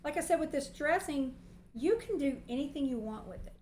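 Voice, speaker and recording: High-voiced, chatty Southern woman cooking. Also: animated, fairly quick, a little mellow, echoey room, slight background noise, poor audio. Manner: chatty and long-winded. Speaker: cooking livestream host. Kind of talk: casual cooking demonstration. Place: home kitchen. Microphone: movable mic near the stove.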